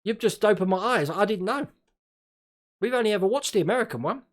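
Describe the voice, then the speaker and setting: A man's voice: sits high, animated, brisk. A man from Australia hosting a casual live stream, chatting and laughing often and tripping over his words now and then.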